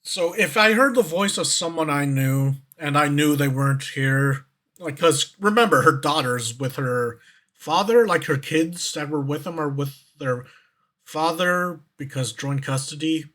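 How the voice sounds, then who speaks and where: A man's voice: a little high, measured pace, a bit bright. A man streamer reacting to videos in a loose, rambling way, full of fillers, restarts and swearing. His voice sits a little above the usual male range. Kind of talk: casual reaction commentary.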